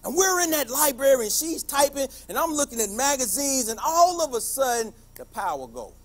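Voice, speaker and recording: A man, a teacher, giving a passionate motivational speech, telling stories and building to emphatic shouts. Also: very high voice, sing-song, brisk.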